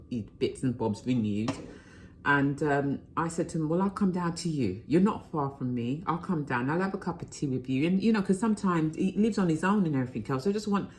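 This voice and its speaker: Woman, 50s, deep voice, casual rambling vlog chat, phone camera at home. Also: darkish tone, a little hiss or hum. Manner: chatty, rambling, frank, talks to viewers as friends. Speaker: vlogger. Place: at home, indoors.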